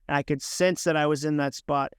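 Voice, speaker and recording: A middle-aged man talks in a lively interview, often slipping into quick voiced asides. His voice is a little higher than most men's, and it sounds smooth and clear. The recording is close and dry. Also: dry recording. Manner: animated, illustrates points with voiced inner dialogue. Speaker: author and speaker, podcast guest. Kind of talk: conversational interview, storytelling with acted quotes.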